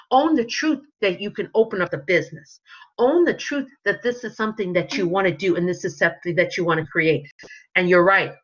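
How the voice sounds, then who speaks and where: Bright-voiced woman giving a fired-up motivational talk. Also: medium pitch. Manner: emphatic, repetitive motivational delivery. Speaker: webinar speaker. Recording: dull lo-fi webinar audio.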